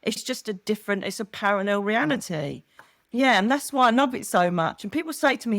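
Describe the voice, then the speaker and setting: A woman's voice: medium pitch, expressive, brisk, a bit bright, no room sound, clean studio sound. A middle-aged woman chatting as an interview guest, telling stories animatedly and acting out quoted voices. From United Kingdom. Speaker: guest, psychic medium. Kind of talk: casual chat.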